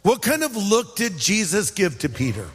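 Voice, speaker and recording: A man's voice: high voice, very animated, normal speed, fairly bright tone, slightly rough, long reverb tail. A man from California preaching a sermon in a conversational way, acting out quotes and adding asides. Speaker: pastor.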